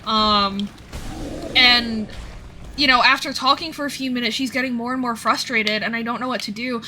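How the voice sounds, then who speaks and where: Young woman streamer, out of breath, sharp bright tone, slightly high voice, animated storyteller, faint music underneath. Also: moderate pace, a little hiss or hum. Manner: animated storytelling, acting out quoted people. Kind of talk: casual chat while gaming.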